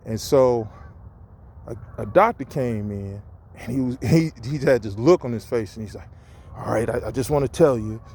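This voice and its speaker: A man telling his own story in a casual vlog, animated, acting out the voices he quotes. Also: mid-range voice, slight background noise. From St. Louis area, USA. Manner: animated, acts out quoted voices, restarts and fillers. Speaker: vlogger sharing his story. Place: outdoors on a campus walk.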